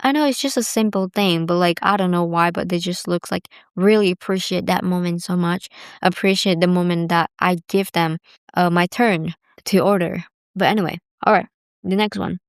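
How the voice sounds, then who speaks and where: A woman's voice: lowish voice, normal speed, clear, resonant tone, no echo, studio quality. A woman, telling stories in a chatty, rambling way full of "like". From Bali, Indonesia. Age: 20s. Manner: chatty, rambling, heavy use of "like". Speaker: vlogger. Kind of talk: casual storytelling.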